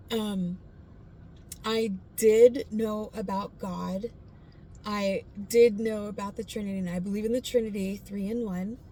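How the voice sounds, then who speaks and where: A woman sharing her personal faith testimony in a casual, earnest, heartfelt way, pausing often with fillers. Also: mid-range voice, mellow, slight background noise.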